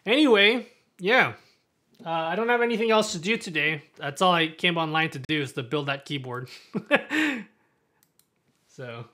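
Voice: medium pitch, very animated, unhurried, sharp tone. A livestreamer chatting casually on stream while showing off a build, rambling and self-mocking, laughing often. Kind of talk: casual live stream chat.

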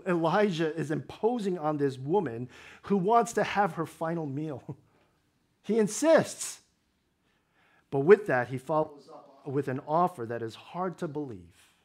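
A man preaching a sermon in a slightly high voice, walking through scripture in a conversational way. Touches of wry humor ease the explanations. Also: a little mellow. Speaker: pastor.

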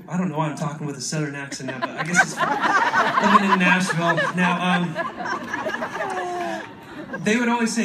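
A man's voice: a little high, moderate pace, pauses often, background noise. A man introducing his song to a concert crowd in a rambling, laughing way. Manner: laughing, self-interrupting. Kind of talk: rambling onstage talk. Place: live concert venue. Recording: echoey live venue from a distance.

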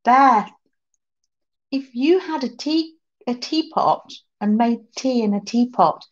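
A woman's voice: fairly high pitch, slow, highs cut off. A woman hosting a craft livestream, chatting casually, reading out viewer comments and laughing often.

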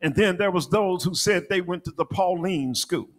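Male preacher, high voice, rhythmic sermon delivery, sung and shouted peaks. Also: moderate pace. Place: church.

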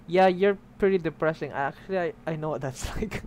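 Young man, gaming streamer, casual chatter, slightly high voice, faint background noise. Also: fairly quick, a little mellow. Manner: chatty, swears, reads game text aloud. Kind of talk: casual let's play commentary.

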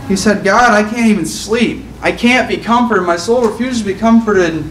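A man's voice: high-pitched, a little hiss or hum. A man preaching an earnest sermon, reading scripture aloud and restating it in plain words. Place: church sanctuary. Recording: echoey church room, mic at a distance.

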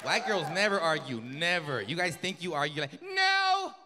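Animated stand-up comedian working a crowd. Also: male voice, on the high side, moderate pace, very noisy. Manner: animated, puts on voices for characters. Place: comedy club stage. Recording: live comedy club with loud crowd and long reverb. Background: loud audience laughter.

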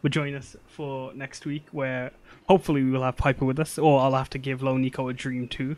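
A man's voice: medium pitch, level tone, fairly quick, a little mellow. A man hosting and wrapping up a streamed tabletop game, talking in a laid-back, rambling way with casual swearing. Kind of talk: casual wrap-up chat.

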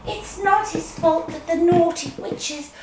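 A woman's voice: very high voice, slow pace, very noisy. A woman voicing a kind, motherly magic teapot puppet, soothing and sing-song. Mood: kindly. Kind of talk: children's puppet show. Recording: roomy echo.

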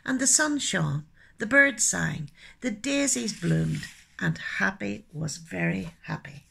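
A woman telling children's stories expressively, dropping into soft hushed asides. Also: mid-range voice, expressive, slow pace, creaky, husky. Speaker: storyteller and poet. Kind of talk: children's storytelling.

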